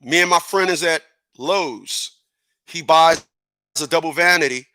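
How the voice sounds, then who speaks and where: A man's voice: fairly high pitch, a little slow, pushed and bright. A middle-aged man giving a casual opinion monologue, emphatic and repeating words as he builds his point. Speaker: commentator.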